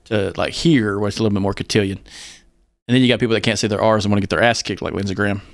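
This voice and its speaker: A man's voice: lowish voice, fairly even intonation, vocal fry, no echo. A man with a Southern US accent co-hosting a podcast, joking loosely with lots of swearing. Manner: profane, joking, quick asides. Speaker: podcast co-host. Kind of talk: casual chat.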